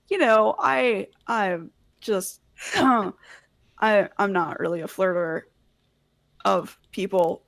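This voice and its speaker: A woman's voice: mid-range voice, takes it slowly, vocal fry, a bit bright, no echo. A woman playing a tabletop game, talking in character in a flustered, stammering way. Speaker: tabletop player. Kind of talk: in-character tabletop role-play.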